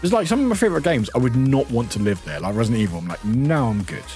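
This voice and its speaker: Chatty man with a lively pitch. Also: racing, soft background music. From United Kingdom. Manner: rambling, chatty, swears casually, laughs often. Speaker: streamer. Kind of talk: casual chat while gaming live.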